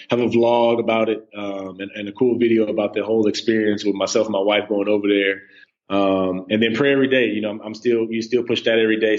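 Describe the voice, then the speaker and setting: A man's voice: lowish voice, darkish tone, muffled recording. A man in his thirties, a podcast guest chatting casually in a laid-back way, with lots of ums and you-knows. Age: 30s. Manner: laid-back, filler-heavy with many um and you know. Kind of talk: casual interview chat.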